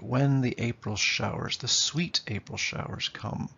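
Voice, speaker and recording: A man's voice: fairly low pitch, normal speed, creaky, hardly any pauses, pushed and bright, breathy edge, dull audio. A man teaching literature in a lecture, explaining and tapping out rhythms aloud, often checking in with "okay?". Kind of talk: classroom lecture.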